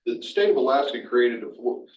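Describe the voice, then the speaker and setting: A man's voice: medium pitch, very animated, moderate pace. Insistent man questioning from the floor. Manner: insistent, repeats himself, stumbles. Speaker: audience member. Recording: dull, distant, roomy audio with faint noise.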